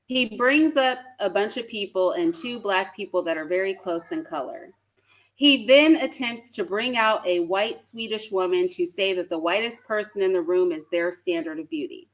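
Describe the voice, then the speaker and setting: Woman reacting to a clip, blunt n sassy, cusses a lot, medium pitch voice. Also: normal speed. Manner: blunt, sassy, swears and laughs often. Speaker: video commentator. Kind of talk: casual reaction commentary.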